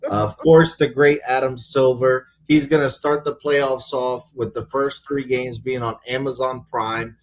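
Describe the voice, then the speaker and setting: A man's voice: medium pitch, level tone, measured pace, few pauses. Sarcastic opinionated sports co-host man. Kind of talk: casual sports debate chat.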